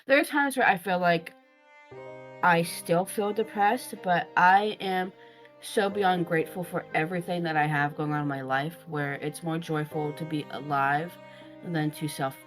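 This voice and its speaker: A woman's voice: fairly low pitch, measured pace, faint music behind. A woman co-hosting a podcast, talking in a candid, earnest and reflective way with some hesitation. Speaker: podcast co-host. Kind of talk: candid casual chat.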